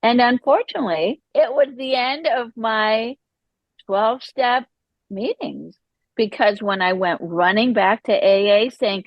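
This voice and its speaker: A woman, a podcast guest, telling her personal recovery story in an animated way, acting out the voices she quotes. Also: fairly high pitch, moderate pace, no echo, lo-fi sound.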